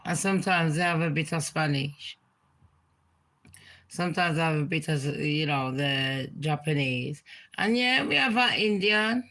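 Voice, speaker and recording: Slow-talking, bright-voiced woman. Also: deep voice, rough recording. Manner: rambling, swears freely. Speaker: celebrity gossip vlogger. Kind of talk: casual chat.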